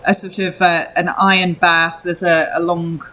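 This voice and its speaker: A woman's voice: fairly low pitch, little pitch movement, normal speed, bright, forceful tone. Chatty woman running a tabletop game. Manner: chatty, lots of fillers and restarts. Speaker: game master.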